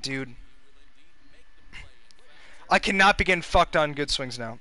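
A man's voice: mid-range voice, moderate pace, long pauses, pushed and bright, clean tone. A young man giving casual, profane gameplay commentary as a gaming video host, venting frustration and urging on his players.

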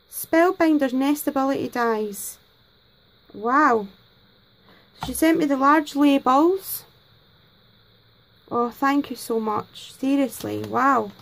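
In a poorly recorded clip, a woman with a high-sitting voice talks to the camera from her craft desk at home. She's unboxing gifts and gushing her thanks, effusive and full of exclamations.

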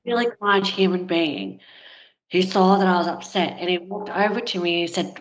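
A woman's voice: on the low side, moderate pace, dull audio. A woman, a guest telling a personal story in an interview in a candid, conversational way with fillers. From Australia.

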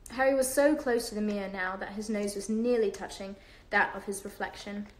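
A woman reads a novel aloud to her livestream viewers at an ordinary mid-range pitch. Her delivery is unpolished, with fillers and small self-corrections. The recording sounds like a roomy home space picked up on a phone. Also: steady tone, a little fast. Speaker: livestream host reading aloud.

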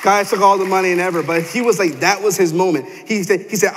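A young man delivers a sermon in a church sanctuary. His voice sits a bit high for a man, and he tells stories animatedly, slipping into the voices of the people he quotes. A long reverb trails each phrase through the hall. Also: fast talker, a crowd in the background, noisy background. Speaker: pastor.

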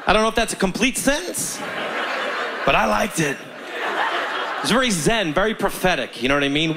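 A man's voice: sits high, moderate pace, long pauses, noisy background. A man doing stand-up, telling stories animatedly and acting out the people in them. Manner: animated, acts out voices in his stories. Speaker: stand-up comedian. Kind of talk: stand-up storytelling.

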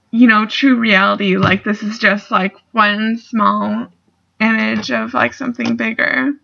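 A young woman, a student vlogger, rambles casually in a video response, full of fillers and offhand swearing, and she's getting a bit emotional. Her voice sits on the high side, gravelly, pushed and bright. The recording is dull and lo-fi.

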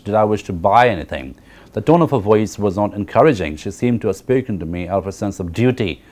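A man's voice: lowish voice, expressive, brisk, a little mellow. A man giving a university literature lecture. He explains at length, repeats key phrases and often checks with the class by asking "right?".

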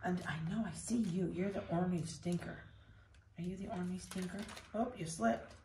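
A dog breeder with a Midwestern American accent chatting casually indoors, cooing baby talk at puppies and voicing their thoughts. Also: female voice, on the low side, moderate pace, mellow, slight background noise. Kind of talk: casual chat to puppies and camera. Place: indoors at a kennel.

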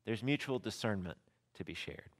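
A man, a rector teaching a church class in a relaxed, conversational way, repeating key words and asking the class questions. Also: fairly low pitch, normal speed.

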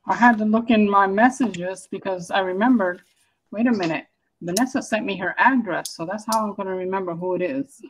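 A woman's voice: medium pitch, brisk, a little hiss or hum, poor audio. A woman chatting casually on a live stream, telling easygoing rambling stories. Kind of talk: casual chat.

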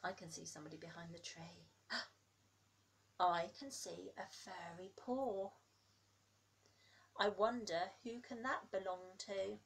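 A preschool teacher reads a picture book to toddlers, taking her time over each page. She asks the little ones questions and sinks into hushed whispers to build suspense. Her voice sits at an ordinary pitch for a woman. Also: steady tone, a little slow, gravelly, pauses often. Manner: drops to hushed whispers for suspense, then gasps; coaxing, asks the children questions.

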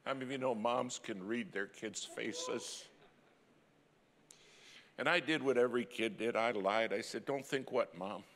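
A middle-aged man preaching a sermon as a dramatic story, swinging from loud cries to hushed, near-whispered lines. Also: mid-range voice, unhurried, slight background noise. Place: church sanctuary. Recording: long church hall reverb.

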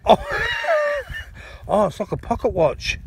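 An excitable Australian man chatting and joking outdoors in a paddock while metal detecting. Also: high voice, normal speed, a little hiss or hum. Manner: excitable, jokey, laughs often. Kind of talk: casual outdoor vlog chat.

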